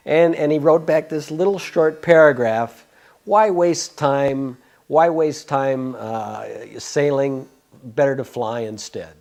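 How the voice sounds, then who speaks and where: In a casual interview, an older devotee shares memories through a long personal story, full of fillers, restarts and chuckles. His voice is mid-range with a darkish tone.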